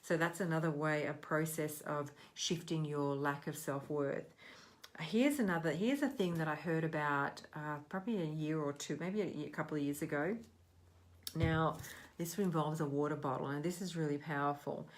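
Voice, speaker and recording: A middle-aged woman gives a casual, earnest talk coaching on self-worth, rambling and often restarting her sentences. Her voice is low-pitched and she speaks at a normal speed.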